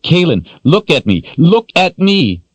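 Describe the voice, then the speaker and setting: A man's voice: fairly high pitch, dry recording, voice pushed up. A male narrator voicing a young man who pleads urgently, raising his voice above the narration. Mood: desperate. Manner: urgent pleading shifting to calm, slow reassurance. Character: young man, desperate then calm and steadying.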